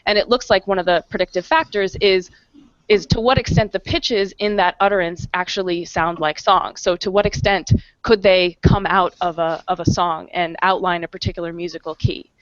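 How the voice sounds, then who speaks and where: A woman in her thirties, a professor on an online panel, explains her research clearly, with frequent ums and restarts. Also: mid-range voice, dry recording, lo-fi sound. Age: 30s. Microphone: video call.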